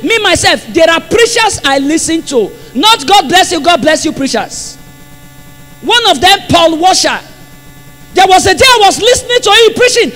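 High, bright-voiced Nigerian preacher. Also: male voice, very animated, normal speed. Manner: impassioned, repeats phrases for emphasis. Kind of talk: sermon. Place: church. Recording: long hall reverb.

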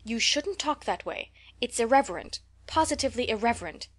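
A woman reading an audiobook, voicing a stern, prim elderly spinster who speaks in a brisk, moralizing, scolding way. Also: fairly high pitch, expressive.

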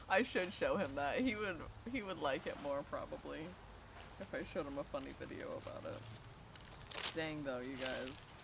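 A woman's voice: deep voice, gravelly, noisy background. A young woman live-streaming outdoors on her phone, chatting with viewers, telling a story and laughing often. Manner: chatty storyteller who laughs often and reads chat aloud. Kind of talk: casual chat with viewers. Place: outdoors in the sun.

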